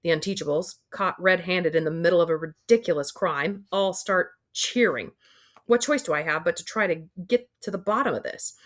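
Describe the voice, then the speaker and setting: A woman's voice: on the low side, normal speed. A woman reading a first-person audiobook in a wry, dry storytelling manner. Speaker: audiobook reader.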